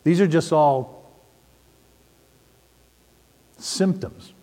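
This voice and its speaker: A middle-aged man preaching a sermon, telling stories and asking the audience questions in an animated way. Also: fairly high pitch, extremely slow. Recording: long hall reverb.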